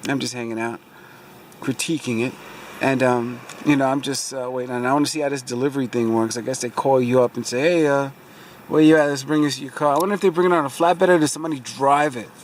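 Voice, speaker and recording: A steady, medium-pitched man's voice moves at a quick pace over a faint hiss or hum. In a casual vlog filmed in his parked car, the car vlogger vents about a dealership mix-up, rambling on with repeated "so anyway" fillers.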